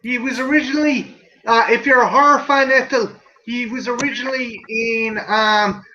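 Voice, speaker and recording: A man's voice: very high voice, fairly even intonation, normal speed, bright, forceful tone, lo-fi sound. A man hosting a livestream in casual chat, rambling, swearing and laughing. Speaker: stream host.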